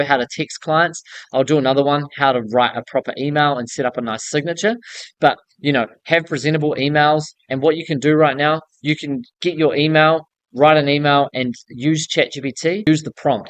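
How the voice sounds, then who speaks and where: A man talks straight to the camera like a coach, direct and casual with some slang, often tagging points with "okay?". His voice sits at an ordinary middle pitch and sounds close and dry. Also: dry recording. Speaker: building contractor coaching newcomers. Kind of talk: casual advice vlog.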